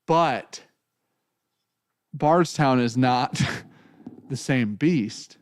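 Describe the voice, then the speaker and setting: A man's voice: mid-range voice, drawn-out words, long pauses, dry recording, studio quality. A man hosting a casual whiskey tasting, talking in a loose, joking way with plenty of swearing. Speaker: whiskey show host.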